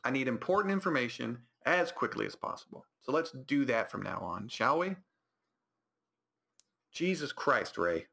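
A young man hosting a podcast, telling a comedic story in a rambling, animated way and correcting himself often. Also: mid-range voice, brisk, vocal fry, few pauses. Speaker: podcast host.

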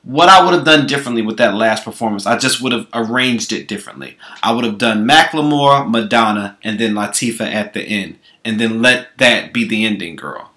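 Man vlogger, bright and sassy, foul-mouthed comedic rant. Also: lowish voice, fairly quick, hardly any pauses. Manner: sassy, profane, calls listeners girl constantly. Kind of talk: comedic commentary.

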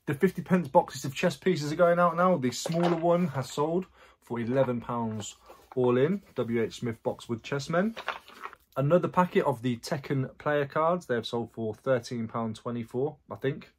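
A man's voice: medium pitch, moderate pace, slight background noise. A man, chatting casually in a rambling vlog about his resale sales and his past. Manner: chatty, rambling, self-correcting asides. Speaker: online reseller.

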